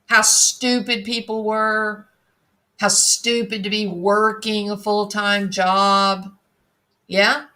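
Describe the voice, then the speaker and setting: Woman, unhurried speech, bright tense tone, scornful, emphatic commentary. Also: medium pitch, level tone. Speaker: true crime commentator. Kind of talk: opinionated solo commentary.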